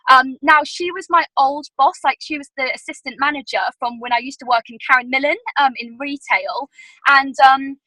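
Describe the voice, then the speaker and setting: Chatty young woman, high bright voice. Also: normal speed, no echo, rough recording. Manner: chatty, filler-heavy storytelling with many "like"s. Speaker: team leader giving sales training. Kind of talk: casual training call.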